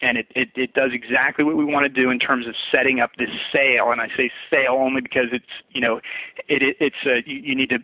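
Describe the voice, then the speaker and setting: A man's voice: mid-range voice, little pitch movement, fast, dry recording. Man, sales coach, conversational, stumbles over words, tinny phone-like sound, dry room. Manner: conversational, repeats words while restarting. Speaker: fitness business coach. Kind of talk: recorded sales training walkthrough.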